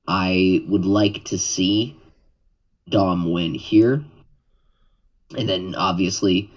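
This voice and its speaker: A man co-hosting a podcast in casual chat, halting and full of "um"s, swearing offhandedly. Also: low-pitched, poor audio. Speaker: podcast co-host.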